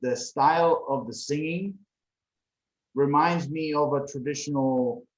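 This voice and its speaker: A man's voice: a little high, unhurried. Male podcast co-host from Croatia; casual, rambling delivery, echoey muffled recording. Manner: rambling, many fillers like "you know". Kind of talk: casual movie review chat. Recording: echoey room, dull lo-fi sound.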